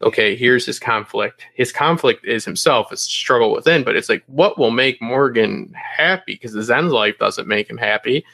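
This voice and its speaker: A young man with a bright, forceful voice, recorded dry and close. He rambles and curses in an animated, casual fan chat. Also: medium pitch, normal speed, creaky, few pauses, no room sound. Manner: animated, profane, rambling with many fillers. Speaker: podcast panelist.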